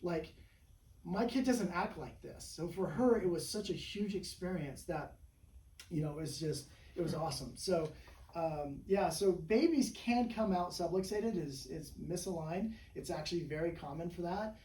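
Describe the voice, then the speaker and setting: A man's voice: a little high, normal speed, mellow. Rambling man in an echoey room. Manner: rambling storyteller, full of "you know" and "right?". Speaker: chiropractor. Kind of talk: casual interview chat. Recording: echoey room, mic at a distance, faint background hum.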